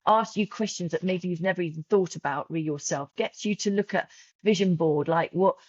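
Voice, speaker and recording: A woman's voice: lowish voice, a little fast, no echo, dull audio. A woman podcast guest talking openly and emotionally, often restarting and repeating her words. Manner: heartfelt, frequent restarts and repetitions. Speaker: podcast guest, journal creator. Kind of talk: emotional casual interview talk.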